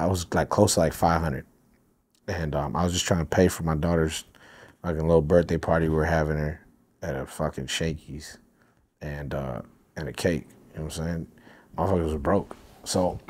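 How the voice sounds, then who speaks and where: A man's voice: sits low, a little mellow, slightly rough. A man as a podcast guest, telling a story in casual, profane street talk full of fillers.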